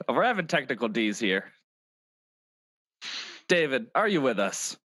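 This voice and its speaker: Lively bright-voiced man, laughing easily. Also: medium pitch, unhurried. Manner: laughing, animated, mock voices. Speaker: stand-up comedian guest. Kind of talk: casual comedic chat and script reading. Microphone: video call.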